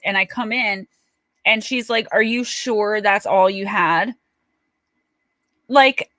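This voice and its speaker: Middle-aged New woman, livestream host, bright tone, dry close sound, chatty and quick to laugh. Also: fairly high pitch, no echo. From Paterson, New Jersey. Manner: chatty, animated storyteller who laughs often. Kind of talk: casual livestream chat.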